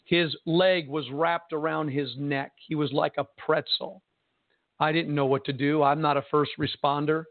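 A man's voice: fairly high pitch, little pitch movement, no echo. Impassioned male pastor over a phone line. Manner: impassioned, slow emphatic preaching with dramatic repetition. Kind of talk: sermon on radio broadcast. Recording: tinny phone-line broadcast.

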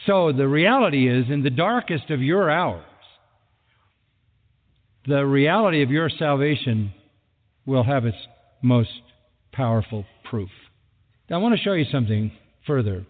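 A man's voice: medium pitch, animated, unhurried, pauses often. A man preaching a sermon as a pastor, emphatic and driving points home with repeated phrases. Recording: thin phone-like sound with long hall reverb.

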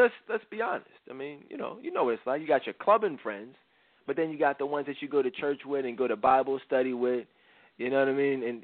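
A man's voice: medium pitch, dry recording. A man co-hosting a podcast, casually retelling a Bible story with slang and frequent laughs. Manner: animated, slangy, laughs often. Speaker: podcast co-host. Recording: dry thin phone-like sound.

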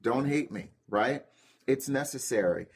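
A man hosts his own life-coaching show and delivers an impassioned monologue. His voice is husky and slightly rough, set at an ordinary middle pitch. He speaks emphatically and pushes into fervent, insistent passages. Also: lively intonation, measured pace. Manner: emphatic, rising to fervent outbursts.

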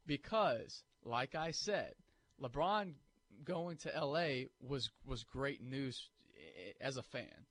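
Co-hosting a sports talk radio show, this man argues his case with animation and acts out objections he imagines from listeners. His voice sits at medium pitch and moves slowly, with no echo.

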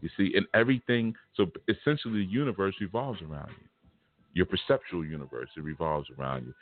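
Very low-voiced man teaching spirituality, casual and emphatic, over a tinny phone-like line. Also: quick pace, soft background music. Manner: casual, emphatic, vernacular preaching. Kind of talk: spiritual lecture.

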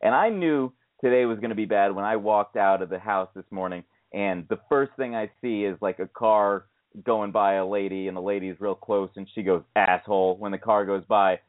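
A man co-hosting a casual talk show, telling rambling stories with many restarts and exasperated outbursts, speaking into earbud headphones. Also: moderate pace. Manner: rambling storyteller, many restarts, rising to high exasperated pitch. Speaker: radio co-host. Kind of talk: casual podcast chat. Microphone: iPhone earbud headset mic. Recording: tinny phone-like dry sound.

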